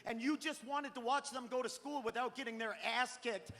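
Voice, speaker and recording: A high-voiced man tears through a profane stand-up rant, his bright, cutting tone jumping into shouts. The live theater stream carries a long hall reverb around him. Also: fairly even intonation, moderate pace. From Maine. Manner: profane, ranting, bursts into shouting. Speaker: stand-up comedian. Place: large theater stage. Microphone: handheld stage mic.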